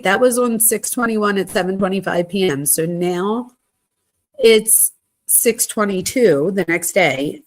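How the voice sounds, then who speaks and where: A woman hosting a true crime channel reads text messages aloud in a plain, conversational, medium-pitched voice, tossing in quick asides.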